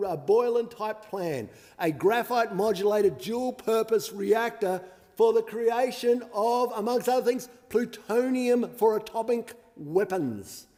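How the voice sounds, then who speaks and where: An Australian man with a high voice argues his point in a sarcastic, combative parliamentary speech. His words ring out with a long reverb through a large chamber. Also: warm tone. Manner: combative and sarcastic, mocking opponents. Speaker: member of parliament.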